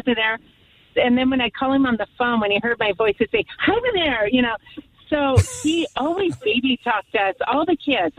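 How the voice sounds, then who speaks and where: A woman caller on a radio call-in show, reminiscing fondly about her late father, rambling and near tears. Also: a little high. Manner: emotional, rambling, fond reminiscing. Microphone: phone. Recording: phone line.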